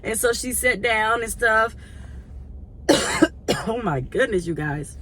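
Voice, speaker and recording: A woman and church volunteer telling a casual story to her viewers in a chatty, animated way. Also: fairly high pitch, slow.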